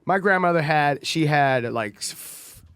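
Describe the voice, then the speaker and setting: A man's voice: a little high, animated, unhurried, a bit bright, clean tone, no room sound, clean studio sound. Brash profane guy from the Bronx. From the Bronx, New York. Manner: brash, profane storytelling, laughs often. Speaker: guest comedian. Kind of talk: casual podcast chat.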